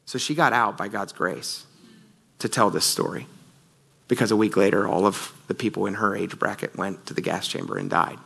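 Bright-voiced man preaching a sermon. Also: lowish voice, normal speed, creaky, slightly rough. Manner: earnest storytelling, often says "you guys". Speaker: pastor.

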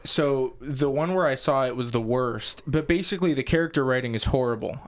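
A young man co-hosting a casual podcast chat, ranting with lots of swearing and mocking put-on voices. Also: mid-range voice. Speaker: podcast co-host.

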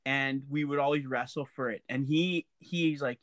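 A man chatting casually, relaxed, with many fillers, as he tells a story about his brother. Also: medium pitch, moderate pace, hardly any pauses, dry recording.

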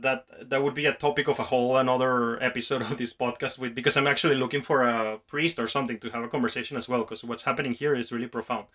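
A man's voice: medium pitch, sharp tone. A man hosting a podcast, musing in a rambling, casual way with frequent restarts. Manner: rambling, restarts often, talks in long musings. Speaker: podcast host.

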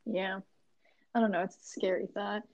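A woman's voice: mid-range voice, steady tone, normal speed, dry recording. A young woman from the American South, co-hosting a podcast in a joking, chatty way. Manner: chatty, joking, lots of fillers. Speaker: podcast co-host. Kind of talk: casual chat. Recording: muffled lo-fi audio.

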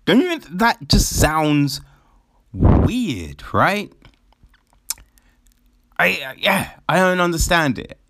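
A man's voice: on the high side, sing-song, slow, long pauses, fairly bright tone, dry recording, studio quality. A man giving casual commentary, mocking and incredulous, swearing often and laughing.

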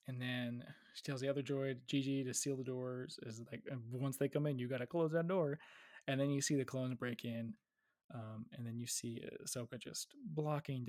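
A man from the United States in a relaxed, joking, agreeable fan discussion. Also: mid-range voice, no echo, studio quality.

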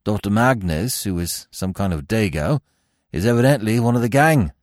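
A man voicing a composed male servant who reports events briskly and matter-of-factly. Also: lowish voice, lively intonation, a little mellow, dry recording, studio quality, close to an everyday voice.

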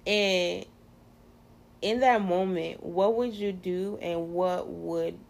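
A woman's voice: lowish voice, steady tone, slow pace, gravelly. A woman hosting a casual faith chat, talking in a chatty, playful way with many fillers. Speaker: podcast host.

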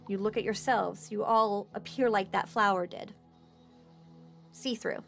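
A woman game master narrating a streamed tabletop game, animated and quick when signing off. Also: mid-range voice, vocal fry, soft background music. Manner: animated, quick sign-off with laughter.

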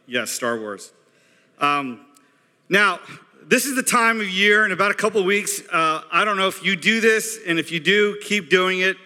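A man's voice: sits high, sharp tone. A man preaching a sermon as pastor, chatty and self-deprecating. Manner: chatty, self-deprecating, quotes movie lines. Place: church hall. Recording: reverberant church hall.

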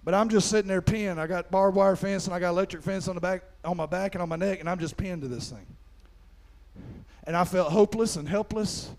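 Over slight background noise, a middle-aged pastor talks fairly quickly in a high voice. He shares a folksy personal story as a sermon, filling it with "amen" and rising into loud preaching.

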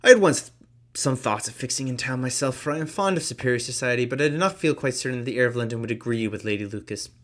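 A man reading the lines of a jovial, fawning older gentleman who flatters and gushes. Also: mid-range voice, fast, lightly acted. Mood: effusive. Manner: effusive, flattering.

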